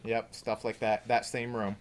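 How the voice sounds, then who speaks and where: Young guy, lowish voice, rambling through a creepy story on a chill podcast. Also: level tone, normal speed, very noisy. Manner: rambling storyteller acting out quotes. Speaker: podcast co-host. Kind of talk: casual chat, telling ghost stories.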